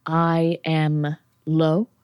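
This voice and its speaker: A sly demon lord with a low, slow, half-whispered voice, put on by a woman running the game. The words drag and curl with snide interest, close and dry on the mic. It is a tabletop game voice, not a staged drama. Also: completely flat delivery, a little mellow, clear, resonant tone, no room sound.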